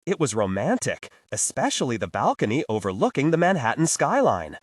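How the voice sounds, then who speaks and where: A man narrating a superhero fantasy audiobook in an expressive, varied delivery. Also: medium pitch, fairly quick, slightly rough, no echo, clean studio sound. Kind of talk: scripted narration.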